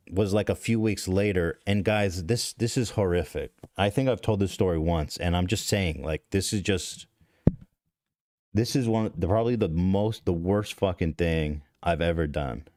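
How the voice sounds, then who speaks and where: Deep-voiced man telling a rambling story. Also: unhurried, darkish tone, no echo, studio quality. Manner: rambling, profane, self-interrupting. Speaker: podcast host. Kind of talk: casual confessional storytelling.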